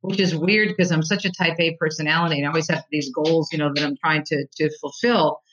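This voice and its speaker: An American woman, a Catholic talk show host, telling her story as a guest in a conversational interview, animated and restarting her sentences often. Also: sits low, fast talker, highs cut off, slight background noise. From United States. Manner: animated storyteller, repeats words when starting sentences.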